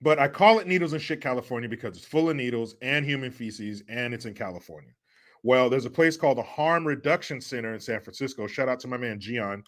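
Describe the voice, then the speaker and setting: A man's voice: medium pitch, a little fast. A man hosting a live stream commentary show, mocking and profane and laughing often. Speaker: host.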